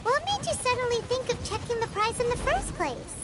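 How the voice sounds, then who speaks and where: A woman voicing a chirpy, curious little fairy companion girl in a video game, with a squeaky, questioning voice. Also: very animated, brisk, heavy background noise. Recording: loud game sound behind.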